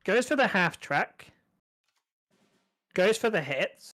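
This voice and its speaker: A man with a somewhat high, expressive voice casts a strategy card game match at a slow pace, giving conversational play-by-play commentary. He analyzes the options aloud as an esports caster, often repeating a word as he makes small restarts.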